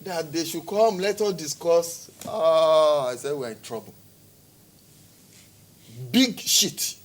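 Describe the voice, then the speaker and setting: A Nigerian-accented security expert argues forcefully in a TV studio interview, hurling rhetorical questions and repeating words to drive his points home. His voice is fairly high, expressive, and slow.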